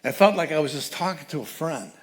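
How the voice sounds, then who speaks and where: A man giving a sermon as guest speaker at a church, telling a story with lively changes of voice. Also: a little high, fast talker. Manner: animated storyteller, acts out quoted voices. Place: church sanctuary.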